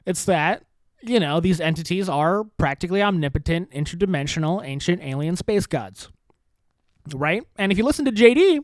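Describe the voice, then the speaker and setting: Crude, sarcastic man with a high voice. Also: expressive, normal speed, no echo. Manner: profane, sarcastic, laughs often, puts on mocking voices in quotes. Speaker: podcast host. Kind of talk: crude rambling political commentary.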